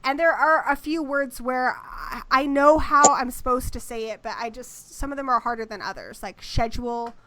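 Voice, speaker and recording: A woman from Britain hosting a casual livestream chat, with an American accent that carries traces of British and a fast, chatty way of talking. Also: sits high, lively intonation, bright, forceful tone, no room sound. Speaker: host.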